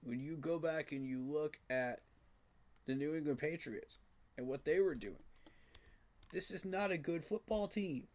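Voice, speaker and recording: A man's voice: fairly high pitch, unhurried, pauses often, a little mellow. A man giving a frustrated, emphatic postgame reaction rant, repeating his points for emphasis. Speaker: sports fan commentator.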